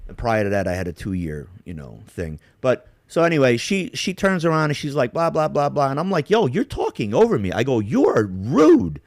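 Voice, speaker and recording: A middle-aged man from Yugoslavia tells a story in loose, profane chat, his pitch jumping all over as he acts out each side of an argument. The sound is dry and close. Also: moderate pace, hardly any pauses, no room sound. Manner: animated, profane, acts out both sides of a phone call. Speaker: podcast co-host.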